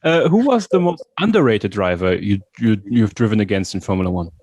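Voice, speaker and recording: A man's voice: fairly low pitch, lively intonation, a little fast, darkish tone, slight background noise. A man hosting a podcast interview, asking questions in a coaxing, playful way and stumbling over his words.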